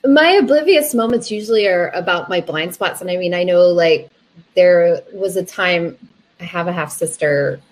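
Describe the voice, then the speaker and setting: A woman's voice: on the low side, moderate pace, poor audio. A woman co-hosting a podcast, telling a personal story in a casual, hesitant way. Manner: hesitant, searching for words. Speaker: podcast co-host.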